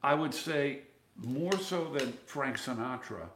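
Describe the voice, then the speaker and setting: A chatty man tells stories in an interview and now and then sings a phrase to make his point. His voice carries a clear echo from the room, with a faint hiss underneath. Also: mid-range voice, takes it slowly, fairly bright tone. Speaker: interview guest. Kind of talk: storytelling interview.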